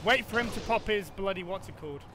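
A man giving excitable live gameplay commentary with a friend, swearing and shouting a running catchphrase. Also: high-pitched, fast, music in the background.

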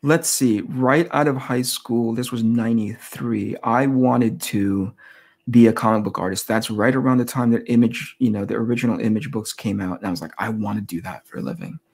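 Husky-voiced man telling stories. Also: mid-range voice, moderate pace. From United States. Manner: animated anecdotes with laughs and quoted dialogue. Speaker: guest comic artist. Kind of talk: casual interview storytelling.

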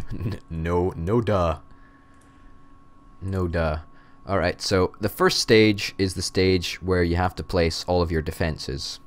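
A young man with a very low, deep voice leads a let's-play of a strategy game. He slips into a playful, mock-grand announcer tone between casual explanations of his moves. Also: steady tone, slow. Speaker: host, gamer.

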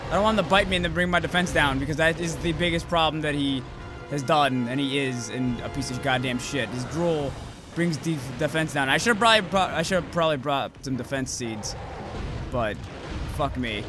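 Male let's-play host, high lively voice, profane running commentary, game music underneath. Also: normal speed. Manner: profane, yells insults at the monster. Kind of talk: casual gameplay commentary.

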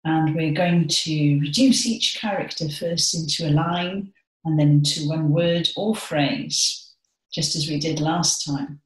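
A woman's voice: sits low, slow pace. A woman leading a dance session, giving encouraging instructions and projecting with theatrical delivery. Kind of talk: guided movement class instruction. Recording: echoey room.

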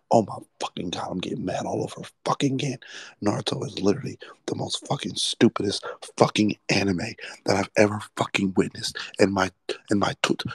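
A man in his twenties ranting late at night, swearing nonstop and swinging between hushed whispers and loud outbursts. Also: fairly low pitch, fairly even intonation, a little fast, creaky, breathy edge, dry recording. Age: 20s. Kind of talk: late-night profane rant, often whispered. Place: at home at night while others sleep.

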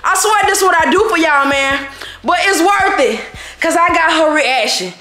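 A woman vlogger, out of breath, excitedly hyping her viewers in slangy talk. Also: very high voice, moderate pace, roomy sound. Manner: hyped, slangy, shouting to viewers. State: out of breath, sweating. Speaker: vlogger pulling a prank. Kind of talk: excited vlog outro.

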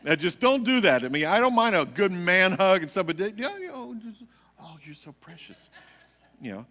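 Pastor, man, chatty storytelling sermon, acts out voices; bright tone, live hall reverb. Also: high-pitched, brisk. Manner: animated, acts out quotes, laughs at own story. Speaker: pastor teaching a midweek Bible study. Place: church sanctuary.

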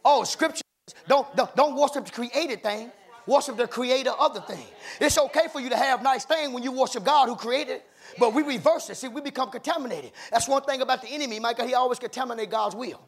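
A male pastor preaching a sermon in a church, calling out to the congregation, often shouting and repeating "my God" and "baby". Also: very high voice, fast. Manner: call-and-response preaching, rising to shouts. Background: congregation responding.

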